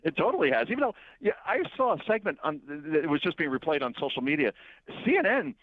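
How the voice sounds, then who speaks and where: A man calling in as a guest columnist, talking fast in lively commentary with laughing asides. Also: a little high, no echo. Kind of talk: radio interview commentary. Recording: dull dry phone line.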